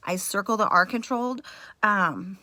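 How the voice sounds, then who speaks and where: A woman's voice: medium pitch, normal speed, bright, forceful tone, slight background noise. A woman teacher recording a mini reading lesson at home for parents and kids, explaining step by step in a patient way with frequent fillers.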